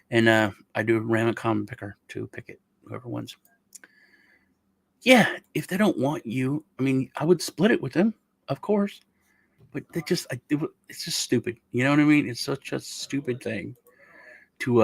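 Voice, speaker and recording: A man's voice: mid-range voice, creaky, no echo. A middle-aged man hosting a casual meme review, rambling and joking as he tells stories. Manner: rambling, joking, self-interrupting. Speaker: host.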